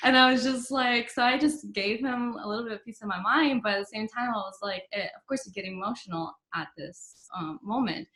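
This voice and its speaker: A young woman guesting on a podcast tells her story in a chatty way, full of "like" and "you know" and quoting others in dialogue. Her voice is a little high and fairly bright, running a little fast with hardly any pauses, and the recording has a roomy echo.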